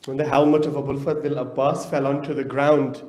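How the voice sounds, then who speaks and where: A man's voice: mid-range voice, little pitch movement, fairly quick, darkish tone. A man preaching an impassioned mourning sermon with a British accent, full of rhetorical questions and chanted phrases, in a mosque hall. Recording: echoey hall.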